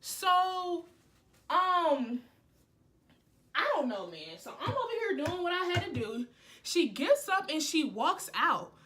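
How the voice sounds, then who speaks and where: A young woman vlogger telling a story in a casual, slangy way, jumping between loud outbursts and low asides. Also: very animated, takes it slowly, slight background noise.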